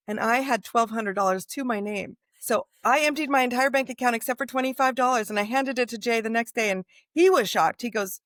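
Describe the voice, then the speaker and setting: A chatty American woman in her fifties tells stories with a fairly high voice, bringing every quoted line to life. The recording is close and dry, with no room echo. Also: fairly quick, hardly any pauses. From United States. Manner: animated storyteller, acts out quoted dialogue. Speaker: guest author. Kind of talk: casual interview storytelling.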